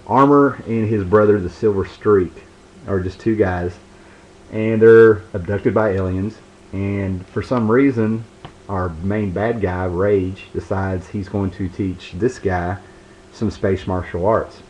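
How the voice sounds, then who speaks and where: A man with a deep, low voice chats loosely about his comic collection, stopping and restarting his sentences. The recording is dull and lo-fi, with a faint hiss underneath. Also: steady tone, takes it slowly, darkish tone. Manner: rambling, laid-back, lots of fillers and restarts. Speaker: comic book video host. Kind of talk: casual show-and-tell review.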